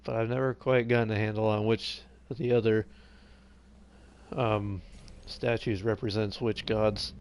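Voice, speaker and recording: At a measured pace, his fairly low voice stays clear, resonant and a little mellow, with little pitch movement. He's a tired man streaming gameplay live, rambling casually, reading in-game text aloud, and letting sentences fade out.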